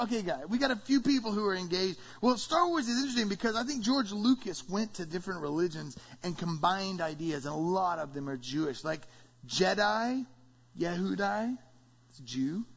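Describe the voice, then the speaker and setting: Pastor guy, high voice, playful sermon, long church echo. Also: fairly quick, slightly rough. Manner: energetic, playful, call-and-response with congregation. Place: church sanctuary. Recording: dull sound, long hall reverb.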